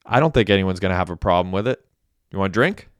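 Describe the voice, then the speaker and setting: A male narrator doing a cocky, slightly awkward young guy who cracks jokes, low, clear and smooth, recorded close in a dry room for an audiobook. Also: animated, fast, no echo. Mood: casual. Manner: casual, wisecracking. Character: young man, awkward but cocky partier.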